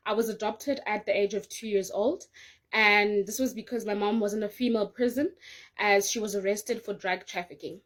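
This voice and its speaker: A woman making a formal, halting application pitch that is full of fillers. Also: fairly even intonation. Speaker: prankster daughter, applicant.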